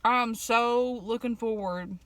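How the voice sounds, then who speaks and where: A woman, chatting casually and telling family stories in an eat-with-me vlog, folksy, with fillers and throat clearing. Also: fairly high pitch, slow, no echo. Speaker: vlogger.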